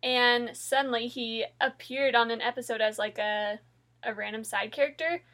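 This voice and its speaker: A woman's voice: on the high side, steady tone, normal speed, fairly bright tone. A woman chatting casually, bubbly and laughing as she talks. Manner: bubbly, laughing while talking. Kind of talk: casual chat.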